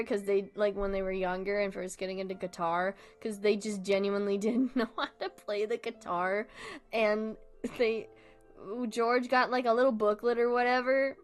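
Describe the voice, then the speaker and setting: A woman's voice: medium pitch, smooth. A young woman streamer in casual chat, rambling, giggling often and swearing freely.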